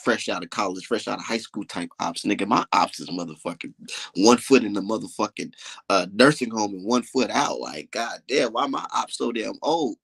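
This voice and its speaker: Young guy ranting on his stream, gravelly and husky, cocky and cussing a lot. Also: on the low side, animated, moderate pace, a bit bright, no echo. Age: young adult. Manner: boastful, dismissive, heavy swearing. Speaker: livestream host. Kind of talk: profane livestream rant.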